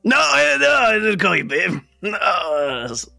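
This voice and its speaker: A man's voice: sits high, sing-song, unhurried, vocal fry, pushed and bright, soft background music, pitched above the performer's own voice, heavily acted. A man putting on a groggy dying undead woman. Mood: flustered. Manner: cursing, flustered. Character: decaying undead woman, withered and gross.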